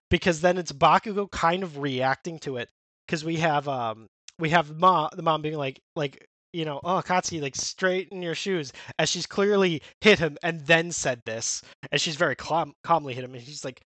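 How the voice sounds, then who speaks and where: Higher-voiced man chatting casually, dry sound. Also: bright, forceful tone, dry recording. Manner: rambling, many fillers and restarts, quick quoted character lines. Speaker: podcast co-host. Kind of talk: casual chat recapping a manga.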